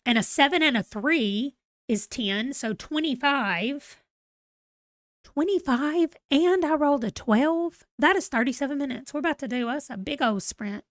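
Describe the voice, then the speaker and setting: A woman's voice: sits high, normal speed, no echo, studio quality. A middle-aged woman with a Southern US accent, chatting casually as she hosts a livestream and laughs at herself. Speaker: livestream host.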